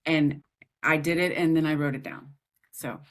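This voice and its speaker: A woman's voice: deep voice, normal speed. A woman guest on a podcast, an author and grief coach, telling her story candidly and with feeling, often laughing as she talks. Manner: emotional, animated, laughs while talking.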